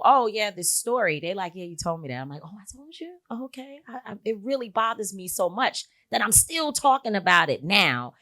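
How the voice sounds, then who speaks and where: Woman, middle-aged, slightly low pitch, frank, earnest, candid personal storytelling, interview guest. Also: sharp tone. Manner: earnest, frank, with frequent filler words. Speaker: guest, activist and author.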